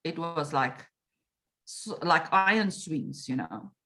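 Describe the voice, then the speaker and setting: A woman's voice: sits low, slow. A middle-aged woman, an interview guest telling a story and acting out her own reactions. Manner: animated, acts out her own past reactions and quotes. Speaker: meditation coach, interview guest.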